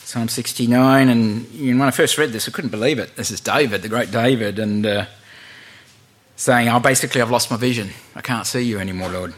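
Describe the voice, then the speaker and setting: A man preaching an informal sermon, chatting with many fillers and reading Bible verses aloud slowly. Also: mid-range voice, fairly bright tone.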